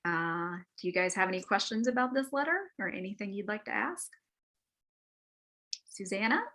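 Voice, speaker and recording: A woman's voice: mid-range voice, expressive, moderate pace, sharp tone. A woman leading an adult Bible study, telling a story in a chatty way with many fillers and acted-out quotes. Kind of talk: adult-forum Bible lesson. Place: church meeting room.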